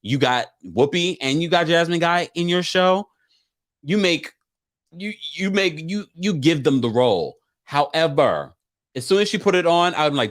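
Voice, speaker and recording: A man with a lively, swinging voice hosts a live recap of a TV show. He talks casually and with emphasis, and he comes back to his points again and again. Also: a little high, normal speed. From Jamaican family. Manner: animated, emphatic, repeats points. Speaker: show host.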